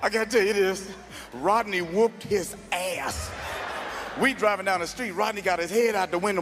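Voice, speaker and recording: A male comedian with a high, ringing voice tells stories on stage into a handheld mic. He is loud and animated and keeps cracking up at his own punchlines. His tone stays sharp and bright the whole way through. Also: brisk, soft background music. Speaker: stand-up comedian. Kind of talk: stand-up comedy storytelling.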